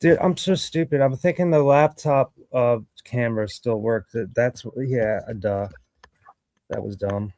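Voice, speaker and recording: A man chatting casually on a group video call, excitable and saying "dude" often. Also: mid-range voice, measured pace. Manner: excitable, says "dude" a lot. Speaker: panel guest.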